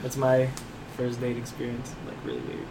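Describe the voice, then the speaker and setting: A man's voice: mid-range voice, very animated, moderate pace, creaky, a crowd in the background. A man telling a funny first-date story to friends, teasing and laughing a lot. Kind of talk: casual storytelling among friends. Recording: distant mic with background noise.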